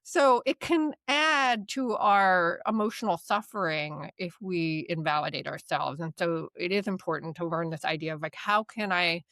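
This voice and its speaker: A woman's voice: lowish voice, normal speed, hardly any pauses, fairly bright tone, no room sound. A woman hosting a talk about therapy skills. She teaches in a casual, chatty way, keeps asking "right?", and laughs lightly as she talks. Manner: laughs lightly mid-sentence. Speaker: DBT course instructor and podcast host.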